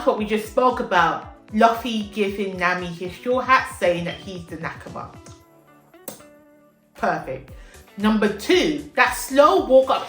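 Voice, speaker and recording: A woman casually recapping an anime arc for her vlog, animated and emotional, often checking in with "okay?". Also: on the high side. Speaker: anime vlogger. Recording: echoey room with faint music.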